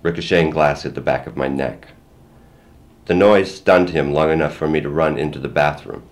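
An older man reads a first-person story in a plain, measured way. His voice sits extremely low and deep. He tells it steadily, line by line. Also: steady tone. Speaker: memoir reader.

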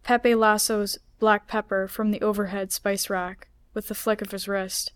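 A woman author reading her own story aloud in a measured, unhurried way. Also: mid-range voice, flat delivery, smooth, no room sound. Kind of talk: literary reading.

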